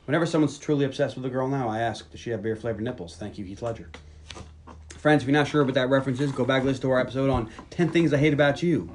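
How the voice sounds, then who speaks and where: A man's voice: mid-range voice, racing, slight background noise. A man on a podcast, casually retelling a film's scenes, quoting the characters and joking as he goes. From Long Island, New York. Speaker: podcast host. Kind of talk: casual movie recap chat.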